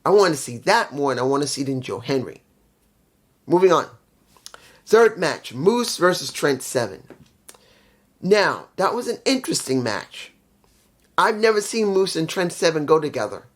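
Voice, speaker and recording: A man's voice: fairly high pitch, very animated, moderate pace, pauses often. A man giving a casual, opinionated review in a blunt, profane way, often repeating phrases for emphasis. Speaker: wrestling show reviewer.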